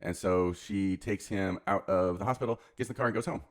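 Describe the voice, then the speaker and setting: Fast-talking deep-voiced man recapping a film. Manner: rambling, offhand, slangy narration. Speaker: channel host retelling a film. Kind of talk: casual comedic film recap.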